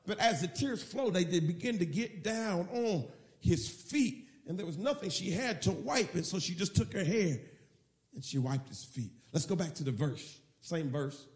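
A man's voice: high voice, normal speed, echoey room. A man preaching a sermon as pastor, acting out the scene as he tells it. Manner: animated, acts out the scene in storytelling.

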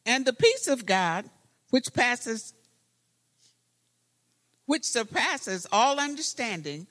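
A reader reading scripture aloud in a church, slow and measured. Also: mid-range voice, very animated, fairly bright tone. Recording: long hall reverb.

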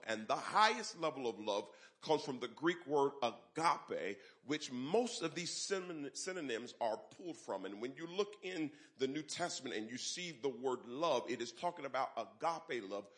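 A pastor preaching a sermon in a church, leading the congregation in call-and-response and rising loud on key phrases. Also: male voice, on the high side. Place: church sanctuary.

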